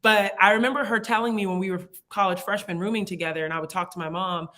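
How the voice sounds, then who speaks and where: A woman's voice: medium pitch, fairly even intonation, quick pace, pushed and bright. A young woman from the United States, a guest in a casual interview, talking in a chatty, reflective way with frequent laughs and fillers.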